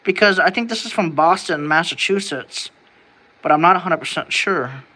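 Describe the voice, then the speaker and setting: Here a vlogger from the United States rambles to the camera, frequently restarting thoughts as questions build and dropping the odd curse. The voice is medium in pitch, bright with a sharp edge, and moves at a moderate pace.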